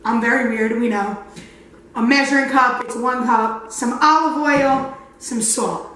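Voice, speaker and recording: A woman's voice: on the high side, fairly even intonation, measured pace, background noise. A young woman hosting a comedic cooking tutorial in a home kitchen, goofy, crude and rambling. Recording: echoey kitchen, mic at a distance.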